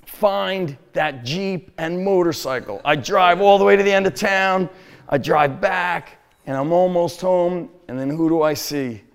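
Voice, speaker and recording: A middle-aged man with a New Jersey accent tells a story in a casual, animated way, swearing and laughing often. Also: high voice, normal speed, vocal fry, smooth. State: sick, throat sore. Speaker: gym owner telling a story.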